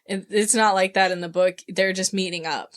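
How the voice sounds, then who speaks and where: A woman's voice: medium pitch, fairly even intonation, normal speed. A woman co-hosting a book club podcast, casually retelling a novel's scenes and acting out the characters' lines with plenty of swearing. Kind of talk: casual chat.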